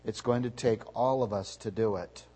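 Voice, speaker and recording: A man preaching a sermon as a pastor, emphatic, his voice swelling louder on key words. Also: fairly low pitch, moderate pace, husky, rough recording.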